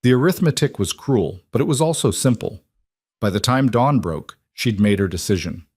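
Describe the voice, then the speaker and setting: A man narrating a scripted story in an even, measured way. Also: fairly low pitch, slightly rough, no echo.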